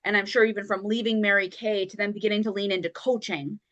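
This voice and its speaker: A woman hosts a podcast conversation, her voice bright and clear. She affirms her guest often and with enthusiasm, asking reflective questions in a relaxed interview style. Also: mid-range voice, fast, lo-fi sound. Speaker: podcast host.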